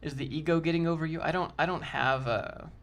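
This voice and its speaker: A man hosts a casual livestream and answers viewers in loose, slangy talk, calling them dude and bro. His speaking voice sits a little higher than most men's. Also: fairly even intonation, brisk. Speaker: streamer answering chat.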